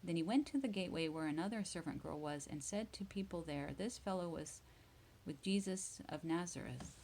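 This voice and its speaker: A woman reading Bible verses aloud slowly and retelling each one in simple words for English learners, at times dropping to a whisper. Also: fairly low pitch, gravelly, a little mellow, a little hiss or hum, poor audio. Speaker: English teacher.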